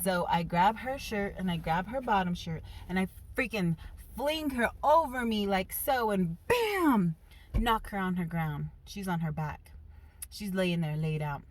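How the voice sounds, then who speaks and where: A woman vlogger telling a personal story in a casual, animated and emphatic way. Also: medium pitch, unhurried.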